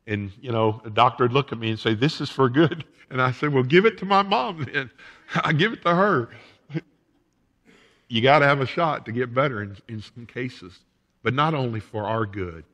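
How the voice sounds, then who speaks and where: Slow, low-voiced pastor preaching. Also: male voice, big-room sound. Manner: earnest, drawn-out emphatic phrasing, trailing off softly at phrase ends. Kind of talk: sermon. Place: church sanctuary.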